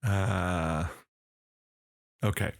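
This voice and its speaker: A man telling a long, animated story as a podcast guest in casual conversation. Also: sits low, gravelly. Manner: slow, drawn-out, animated storytelling.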